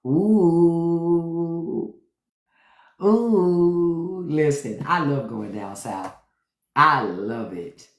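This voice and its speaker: A man's voice: on the low side, takes it slowly, echoey room. A man from Washington, D.C., a podcast host, riffing and swearing freely in casual livestream chat. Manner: animated, profane riffing.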